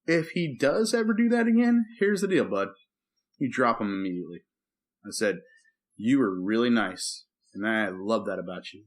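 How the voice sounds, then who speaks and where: A man co-hosting a podcast, a preacher telling a story in casual chat and acting out the quotes as he goes. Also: lowish voice. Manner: animated storyteller who acts out quotes and sings movie lines.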